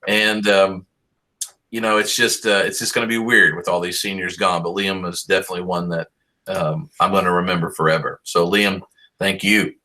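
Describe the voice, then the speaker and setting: Bright-voiced band director on a call. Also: male voice, deep voice, level tone, normal speed. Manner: upbeat, rambling, with many fillers. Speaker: high school band director. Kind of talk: video-call speech honoring seniors. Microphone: video call.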